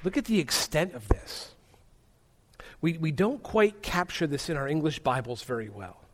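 High-voiced man preaching with emphasis. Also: very animated, moderate pace. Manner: emphatic, swinging between loud stresses and hushed low words. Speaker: pastor. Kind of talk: sermon.

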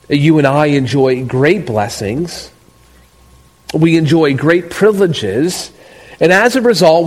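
A man preaching an expository sermon, measured and emphatic, with slow deliberate stresses. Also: fairly high pitch. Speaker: pastor. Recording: long reverb of a large hall.

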